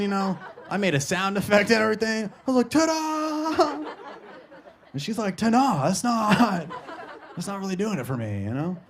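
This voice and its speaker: Brash young comedian, crude and loud. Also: male voice, a little high. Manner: brash, crude, laughs at own jokes. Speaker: stand-up comedian. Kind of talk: stand-up comedy. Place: live comedy stage.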